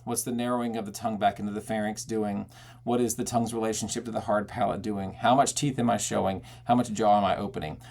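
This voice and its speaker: A man teaching belting technique, talking casually and breaking into loud belted "hey" and vowel demonstrations. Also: mid-range voice. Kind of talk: vocal technique lesson with sung demonstrations.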